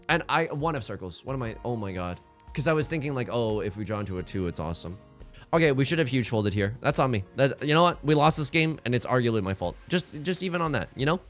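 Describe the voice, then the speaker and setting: A young man with a mid-range voice gives casual gameplay commentary as a let's play host. He swings between fretful muttering and excited outbursts.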